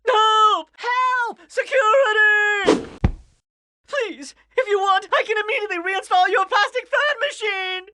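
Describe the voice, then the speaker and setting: A woman doing a shrill, panicking mayor. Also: moderate pace, few pauses, sharp tone. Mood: panicked. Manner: shrill, pleading. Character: panicking cowardly middle-aged male mayor.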